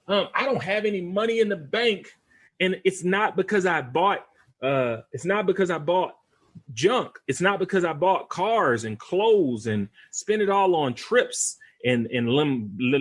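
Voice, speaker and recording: A husky-voiced man talks straight to his listeners in a motivational podcast. His pitch sits a bit high and leaps around with lively energy, in the rhythm of a pep-talk preacher. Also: measured pace. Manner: animated, preacher-like, addresses listeners as y'all. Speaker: podcast host and real estate investor.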